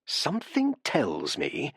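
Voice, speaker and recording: A man doing a rumbling, musing old detective. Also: wildly swooping pitch, husky, no echo, studio quality, full character voice. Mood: pondering. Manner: musing, deliberate questioning. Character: stout, rumbling elderly male detective, genial and probing. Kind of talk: audiobook character voice.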